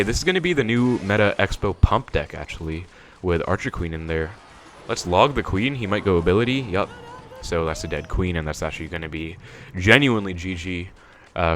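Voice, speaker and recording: Commenting casually on his own gameplay, this young gaming creator thinks out loud and uses lots of fillers. His voice is low-pitched with a fairly bright tone.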